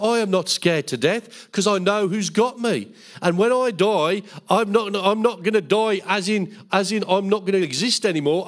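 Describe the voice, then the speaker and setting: A middle-aged pastor teaching a bible school sermon, acting out quotes in a raised, lively voice. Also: male voice, high-pitched. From England. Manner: animated, acts out quotes in a raised voice.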